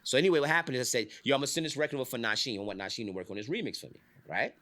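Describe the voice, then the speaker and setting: Middle-aged man, casual storytelling, lively swooping pitch, bright forceful voice, swears and laughs a lot. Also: racing. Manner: animated, swearing, acts out quotes with big pitch jumps, laughs often. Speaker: podcast host telling industry stories.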